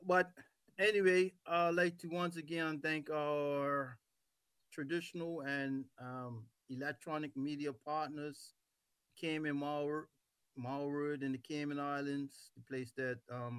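A man from Bermuda hosting a casual talk show conversation, speaking deliberately and stressing words by stretching them. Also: fairly high pitch, little pitch movement, fairly bright tone, clear, resonant tone, no echo. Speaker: host.

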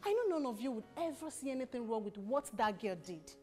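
A woman's voice: on the high side, big pitch swings, fairly quick, warm tone, soft background music. An actress playing a protective woman who scolds sharply in a drama. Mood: scolding. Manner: confrontational, scolding. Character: protective woman scolding over her brother.

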